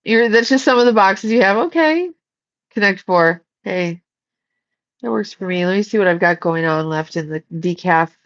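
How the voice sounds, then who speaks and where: A woman's voice: mid-range voice, moderate pace, dull audio. A woman hosting a casual livestream, chatting and giggling as she reads viewer comments. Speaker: psychic livestream host.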